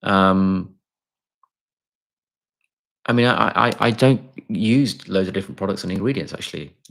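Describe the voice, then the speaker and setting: A man's voice: sits low, unhurried, gravelly, a bit bright. A man, a doctor, casually answering viewers' chat questions on a live stream, talking with many fillers and restarts.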